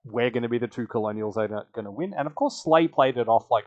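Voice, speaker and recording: A man's voice: mid-range voice, expressive, a little fast, hardly any pauses, lo-fi sound. A man casually recapping an online strategy game, laughing often and acting out the other players' lines. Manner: chatty, laughs often, acts out quoted players. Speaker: podcast host.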